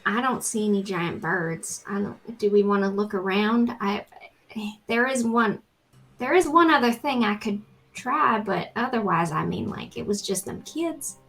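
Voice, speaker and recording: A woman's voice: medium pitch, lively intonation, unhurried, a bit bright, faint music behind. A woman, playing a tabletop game in a chatty, drawling way with lots of fillers. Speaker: player. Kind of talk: tabletop role-play.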